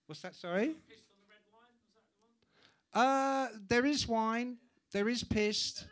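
A podcast host with an extremely high, clear, resonant voice tells an anecdote on a live show at an extremely slow pace. He's an animated storyteller who swears freely and acts out the voices.

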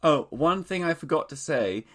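A man's voice: a little high, lively intonation, moderate pace. A man hosting his own podcast, camp, theatrical and self-mocking in casual chat. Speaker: podcast host. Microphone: studio microphone.

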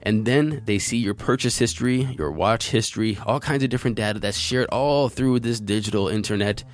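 A man's voice: on the low side, a little fast. A man hosting a crypto news show, reading out articles and giving his opinion in a conversational, earnest way.

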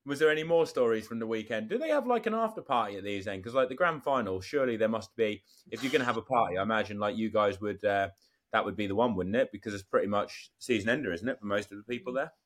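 A man's voice: fairly low pitch, fast, a bit bright. A man hosting a podcast, chatting casually and asking leading questions. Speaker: podcast host. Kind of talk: casual chat.

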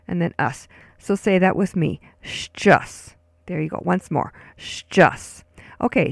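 Low, gravelly woman teaching phrases. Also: a little mellow, no room sound, studio quality. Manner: friendly, guides listener to repeat words; light laughs, frequent ums. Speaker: language host. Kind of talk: casual spoken lesson.

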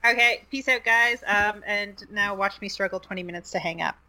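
A woman's voice: mid-range voice, moderate pace, sharp tone, low-quality recording. A woman from Canada, a guest on a casual podcast call, chatting with frequent ums and uhs. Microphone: remote call.

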